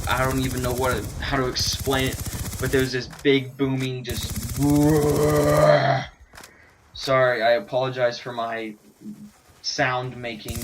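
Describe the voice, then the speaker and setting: A man's voice: mid-range voice, a little hiss or hum. Rambling man telling a dream story. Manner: hesitant, many fillers and restarts; animated, with vocal sound effects. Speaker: gaming commentator. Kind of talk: rambling storytelling over gameplay. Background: faint video game gunfire.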